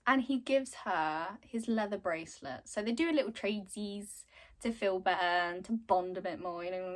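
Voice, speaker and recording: A woman's voice: mid-range voice, normal speed. A young woman casually retelling a game's story in a chatty way, with lots of fillers. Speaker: content creator.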